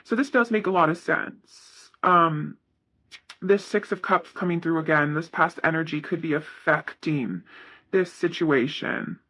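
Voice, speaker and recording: A man's voice: a little high, a little slow, pushed and bright. A man giving a casual tarot reading, talking in a rambling, self-correcting way with lots of fillers. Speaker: tarot reader.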